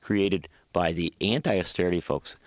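A man speaking as a guest on a public radio talk show, making his points in an emphatic, animated way. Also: low-pitched, moderate pace, dry recording, lo-fi sound. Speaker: guest commentator.

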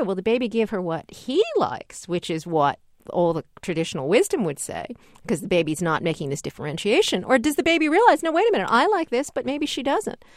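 A woman's voice: a little high, no echo. Middle-aged woman guest on a call-in show, explains with a lot of up and down, dry studio sound. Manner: animated explainer, acts out voices in quotes. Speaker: guest researcher on child development. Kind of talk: radio call-in interview, explaining.

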